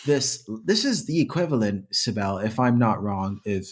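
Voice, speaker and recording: A man's voice: on the low side, big pitch swings, moderate pace, background noise. A man co-hosting a history podcast in a playful, teasing, casual way. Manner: playful, mock-exasperated, teasing. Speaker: podcast co-host.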